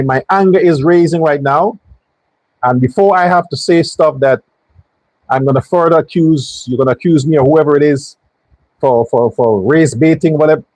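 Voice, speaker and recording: A man's voice: on the high side, darkish tone, no room sound, poor audio. A man hosting a political commentary show, talking in a heated, blunt and profane way and firing off repeated rhetorical questions. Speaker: show host.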